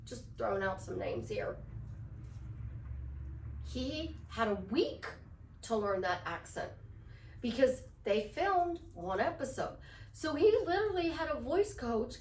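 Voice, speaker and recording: A woman life coach giving casual relationship advice in an animated way, often slipping into little role-play voices. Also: sits high, echoey room, recorded from a distance, a little hiss or hum.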